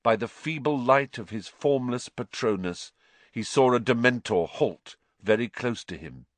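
Slow, dramatic male storyteller. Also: mid-range voice, lively intonation, no echo. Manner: measured and dramatic. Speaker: audiobook narrator. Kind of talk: scripted storybook narration.

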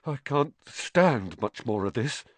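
A man's voice: mid-range voice, expressive, slow, dry recording. A man voicing a cold, hungry schoolboy who mutters and grumbles. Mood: grumbling. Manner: muttering, then hopeful.

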